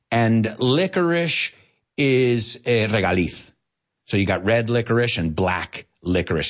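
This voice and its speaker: A man teaching English to Spanish speakers, animated, explaining and repeating words as he goes. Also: fairly low pitch, a little slow. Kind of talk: bilingual language lesson.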